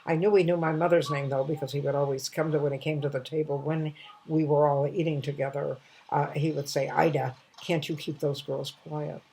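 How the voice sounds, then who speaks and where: A woman in her eighties telling a personal story at home, in a halting way with restarts and soft trailing phrases. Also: low voice, flat delivery, a little hiss or hum. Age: 80s. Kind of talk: casual storytelling monologue.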